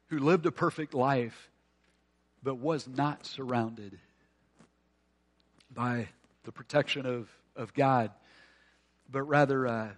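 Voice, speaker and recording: A pastor preaching a conversational sermon, earnest, with rhetorical questions and drops to a hushed voice. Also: male voice, medium pitch.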